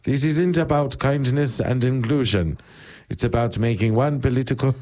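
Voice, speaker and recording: A man's voice: medium pitch, moderate pace, darkish tone. A man presenting a chat show, reading news stories aloud with laughing asides and bursts of mock panic. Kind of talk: casual chat show banter. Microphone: studio microphone.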